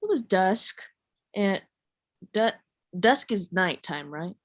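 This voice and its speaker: A young woman from California doing a stand-up comedy set, rambling and self-mocking in a deadpan way. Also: mid-range voice, slow. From San Jose, California.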